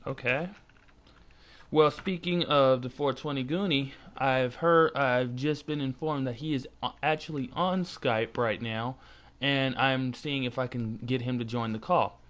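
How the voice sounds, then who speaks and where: A man hosting a podcast, speaking in stiff, formal phrases broken up by hesitant fillers. His voice sits in the middle of the pitch range, and the audio is dull and lo-fi, like a call. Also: fairly even intonation, measured pace, fairly bright tone. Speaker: host.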